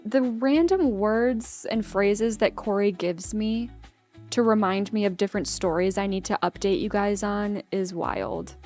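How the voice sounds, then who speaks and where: A woman's voice: mid-range voice, a little mellow. A young adult woman streamer chatting casually with her live chat, rambling and cutting herself off mid-sentence. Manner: rambling, self-interrupting, chatty. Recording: faint guitar music behind. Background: faint guitar music.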